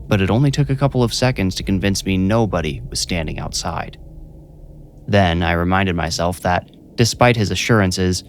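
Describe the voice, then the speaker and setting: A young adult man narrating a scripted first-person horror story in a measured, steady way. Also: deep voice, slight background noise. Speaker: narrator and writer.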